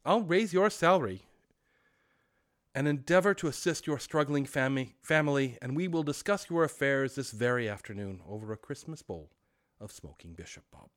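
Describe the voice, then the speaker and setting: A man reading aloud and voicing an elderly miser who has turned giddy and generous, exclaiming with excitement. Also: mid-range voice, normal speed, lightly acted. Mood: jovial. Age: older. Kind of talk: storybook reading.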